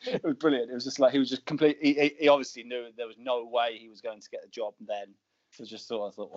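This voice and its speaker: A man's voice: medium pitch, flat delivery, fast talker. Easy-laughing man, mid voice. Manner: laughs easily, storytelling. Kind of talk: casual chat. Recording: dull lo-fi, dry.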